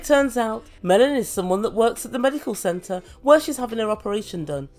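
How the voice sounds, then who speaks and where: Woman, higher pitch, dry mocking reviewer who swears. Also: sing-song, fairly quick, hardly any pauses, darkish tone, soft background music. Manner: sardonic, mocking, swears freely. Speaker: reality TV reviewer. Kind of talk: sarcastic recap commentary.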